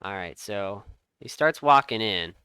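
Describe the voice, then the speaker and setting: A man narrating a tabletop game as game master, telling the scene with dramatic pauses. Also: on the low side, clear, resonant tone, no room sound. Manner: lively storytelling with dramatic pauses.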